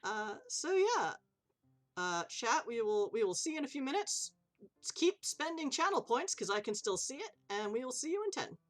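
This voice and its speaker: A woman's voice: high voice, sing-song, brisk, faint music behind. A woman running a tabletop game on a live stream, chatty and loose, swearing casually and laughing easily. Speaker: game master.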